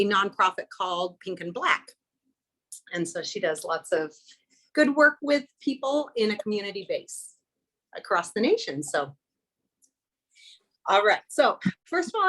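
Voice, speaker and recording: A woman's voice: medium pitch, fairly bright tone, poor audio. A woman in her fifties gives an informal presentation to a small group, earnest and encouraging, often reading passages and affirmations aloud from a book. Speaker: workshop presenter.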